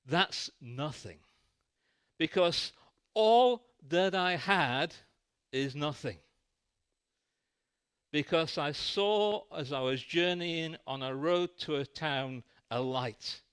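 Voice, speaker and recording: A man's voice: fairly high pitch, takes it slowly, fairly bright tone, smooth. A man voicing a devout, zealous man earnestly laying out his credentials and faith. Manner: earnest, emphatic.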